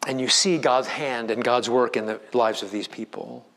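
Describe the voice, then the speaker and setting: A man's voice: medium pitch, fairly even intonation, normal speed, fairly bright tone. A man preaching a sermon as a pastor, with emphatic delivery that rises and drops in volume.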